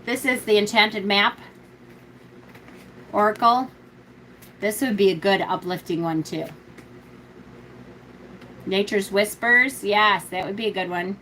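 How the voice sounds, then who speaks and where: A chatty woman hosting a casual tarot live stream, gushing over her decks and thinking aloud as she answers viewers. Her voice sits at a moderate pitch, and a faint hiss runs underneath. She slows down and lowers her voice when she reads a card's meaning aloud. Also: a bit bright, poor audio. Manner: reads card descriptions aloud slowly and low. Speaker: tarot reader and livestream host.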